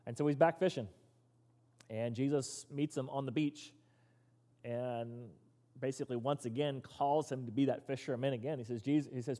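A man preaching a sermon, telling Bible stories in a lively way and acting out the quoted lines. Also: medium pitch, moderate pace. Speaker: pastor. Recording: long reverb of a large hall.

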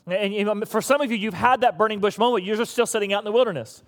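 A man's voice: sits high, fast talker, few pauses, big-room sound. A man preaching a sermon to his church in a conversational, teasing way. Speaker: pastor.

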